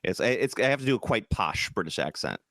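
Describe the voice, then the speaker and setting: Midwestern man, podcast co-host, lively swinging delivery, dry close mic, swears a lot. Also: on the low side, fast talker, no echo. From American Midwest. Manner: animated, profane, jokey, slips into mock British voices. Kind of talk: casual chat.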